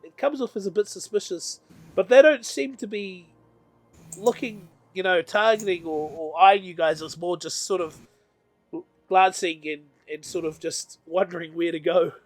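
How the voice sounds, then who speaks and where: A man's voice: high-pitched, normal speed. A man narrating as game master of a tabletop game, meandering and often correcting himself.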